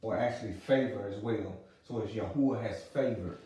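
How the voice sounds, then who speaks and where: A man teaching pronunciation, repeating each sound slowly and patiently. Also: lowish voice, mellow. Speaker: religious language teacher. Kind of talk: teaching a lesson. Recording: roomy sound from a distant mic.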